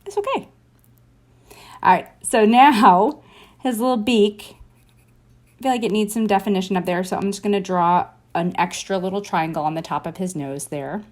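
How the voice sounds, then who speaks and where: A woman's voice: lowish voice, darkish tone. Chatty woman teaching a drawing lesson. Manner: chatty and encouraging, thinks aloud while sketching. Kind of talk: casual drawing tutorial.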